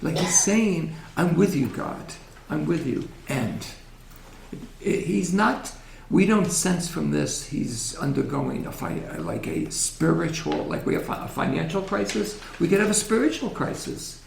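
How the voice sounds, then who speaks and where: A man giving a gentle, reflective religious lecture in a synagogue hall, often asking his audience questions. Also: fairly high pitch, sing-song, unhurried, creaky, a little hiss or hum.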